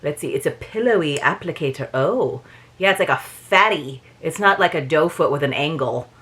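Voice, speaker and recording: A woman's voice: low voice, lively intonation, normal speed, a bit bright. A woman vlogger in a casual unboxing chat, talking in chatty, rambling asides.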